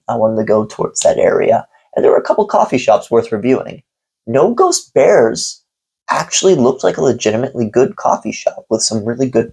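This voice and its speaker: Gravelly, candid male vlogger. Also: medium pitch, darkish tone, rough recording. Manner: candid, profane, rambling. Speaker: coffee reviewer vlogger. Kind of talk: casual storytelling vlog.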